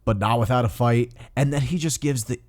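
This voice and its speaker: A man's voice: mid-range voice, brisk, a little mellow, no echo, studio quality. A young man co-hosting a casual film review podcast, blunt and critical, swearing freely as he rants. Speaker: podcast co-host.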